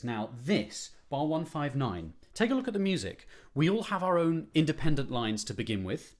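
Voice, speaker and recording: A man's voice: mid-range voice, expressive, normal speed. A man leading an online choir rehearsal, explaining phrasing patiently, repeating points for emphasis, with light self-deprecating humor. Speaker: choir conductor.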